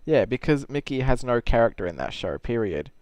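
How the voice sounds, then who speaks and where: Animated male streamer, dry close sound. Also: mid-range voice, no echo. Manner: laughs easily, quick and animated. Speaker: host. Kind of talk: casual chat during a livestream Q&A.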